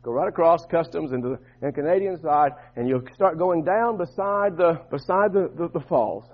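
Man, pastor, sermon, high pitch, breathy, loud and soft swings, dull lo-fi sound. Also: animated, moderate pace. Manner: preaching, swinging from loud bursts to soft low asides.

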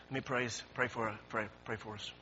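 A pastor preaching a sermon, swinging from quiet talk to shouting and repeating his words. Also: medium pitch, steady tone, moderate pace, slight background noise. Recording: dull lo-fi recording.

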